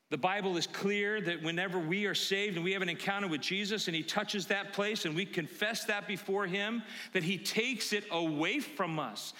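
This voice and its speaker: A male pastor speaks to his congregation in a high, bright voice with a casual, conversational edge. He swings between loud excited bursts and quiet, intimate asides. The sound rings with long reverb from a church sanctuary. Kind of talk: sermon.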